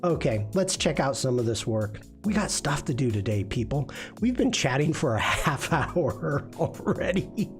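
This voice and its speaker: A livestream host and design instructor critiques viewers' work in a chatty, self-deprecating way, full of fillers and restarts. His medium-pitched voice swings widely in pitch, runs a little slow with hardly any pauses, and faint music plays behind him.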